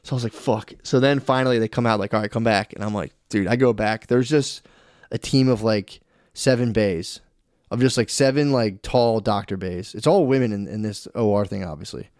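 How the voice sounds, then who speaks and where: Man, 30s, podcast co-host, casual chat, animated storytelling, swears a lot, dry close sound. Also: lowish voice, brisk, no room sound.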